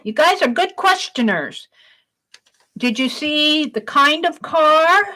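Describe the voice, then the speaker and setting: A woman hosts her own art stream, reading each viewer question aloud as she writes it down. She talks slowly and calmly and keeps praising the questions. Her voice sits high and sounds bright. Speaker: art livestream host.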